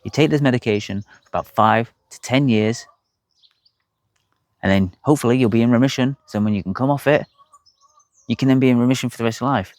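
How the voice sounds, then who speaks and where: A man's voice: medium pitch, a little fast, pauses often, darkish tone, no echo. A young man, bluntly telling his own health story to camera, swearing freely. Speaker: health vlogger.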